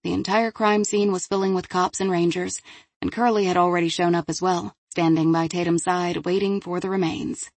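A woman with a lowish voice reads crime fiction aloud in a measured, even audiobook style. The recording is close and dry, with no room sound. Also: dry recording. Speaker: audiobook narrator. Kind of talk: scripted audiobook narration.

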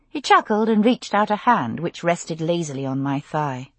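A woman narrates a first-person novel in a low, husky voice. Her delivery moves widely in pitch, expressive and intimate. The recording is dry and close. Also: moderate pace, few pauses, dry recording. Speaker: audiobook narrator.

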